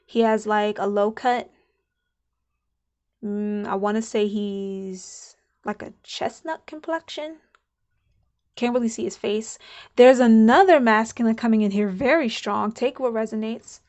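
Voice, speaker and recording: A woman's voice: on the high side, a little slow, darkish tone. A woman giving a casual channeled spiritual card reading, musing aloud and repeating herself. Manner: chatty, musing, repeats herself, laughs now and then.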